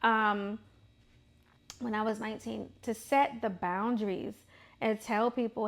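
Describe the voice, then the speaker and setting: A woman in her thirties hosts her own vlog in a loose, opinionated monologue. Her voice sits a little high, and she talks in an emphatic, chatty way, circling back over phrases to drive them home. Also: fairly even intonation, measured pace, long pauses. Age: 30s. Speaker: vlog host.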